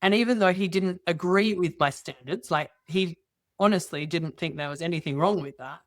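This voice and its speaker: A middle-aged woman guest telling personal stories in casual conversation, lively and acting out dialogue with quoted voices. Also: lowish voice, normal speed, no echo. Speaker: interview guest.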